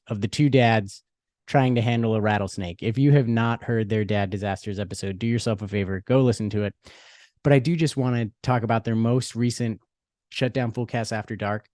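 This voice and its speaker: A man's voice: on the low side, darkish tone, no room sound, studio quality. A man in his thirties hosting a solo sports podcast, talking casually and with enthusiasm, with plenty of fillers and restarts. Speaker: podcast host.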